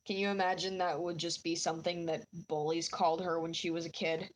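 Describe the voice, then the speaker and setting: An artist streams herself drawing and chats casually with live viewers, giggling and making fun of herself; her nose sounds stuffy. Her voice is on the low side, level in tone, and fairly quick, with slight background noise.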